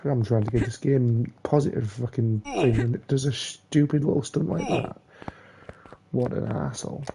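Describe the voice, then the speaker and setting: A young man swearing and ranting angrily while commenting on his own gameplay, muttering curses under his breath between louder complaints. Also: mid-range voice, normal speed, vocal fry, noisy background. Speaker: gamer playing a platform game.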